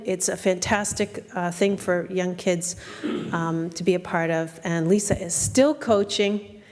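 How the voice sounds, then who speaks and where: A woman giving a halting tribute speech with ums, introducing the next speaker to an audience. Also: lowish voice, a little mellow. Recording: long hall reverb with crowd.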